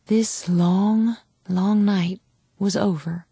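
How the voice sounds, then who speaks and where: A woman narrating an audiobook in the first person, intimate and measured. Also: medium pitch, steady tone, creaky, mellow, slightly rough, dry recording.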